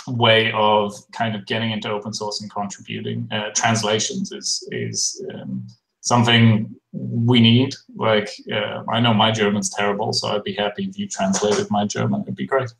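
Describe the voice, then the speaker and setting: A man's voice: on the low side, moderate pace, vocal fry, fairly bright tone. A man hosting a casual interview over a video call, chatty and rambling with plenty of fillers. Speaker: host. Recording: roomy echo.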